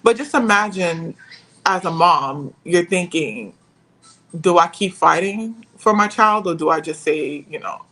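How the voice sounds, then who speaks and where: A young woman telling a painful personal story as a podcast guest, pausing and searching for her words. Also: lowish voice, fairly bright tone, low-quality recording.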